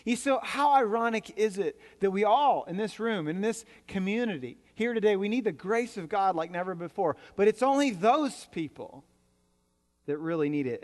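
A man preaching a sermon in a church, talking to the congregation in a conversational way with jokes and repeated words. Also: fairly high pitch. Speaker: pastor. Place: church sanctuary. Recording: reverberant hall.

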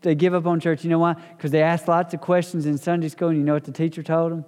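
A man's voice: a little high, flat delivery, fast talker, a little mellow, smooth. A man leading a church Bible study in a folksy, conversational way, acting out the people he quotes. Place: church hall. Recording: roomy hall reverb.

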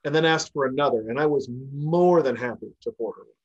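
Animated swearing man telling bar stories. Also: medium pitch, quick pace, lo-fi sound. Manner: animated, swears freely, acts out quoted people. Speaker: podcast co-host, former bartender. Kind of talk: casual storytelling chat.

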